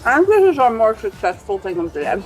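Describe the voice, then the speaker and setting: A woman's voice: on the high side, big pitch swings, quick pace. A woman hosting a travel vlog, chatting playfully while tasting cake in a cafe. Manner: chatty, playful, talks with mouth full. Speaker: travel vlogger host. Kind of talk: casual chat while tasting food. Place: cafe, standing. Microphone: clip-on microphone.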